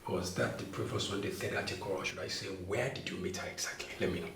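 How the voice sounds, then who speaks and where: Man acting a smooth-talking nigerian friend playing matchmaker, low voice, far off in an echoey room. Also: fast talker, a little hiss or hum. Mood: coaxing. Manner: flattering, coaxing, chuckling. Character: flattering, persuasive older friend and matchmaker. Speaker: actor playing the businessman's friend.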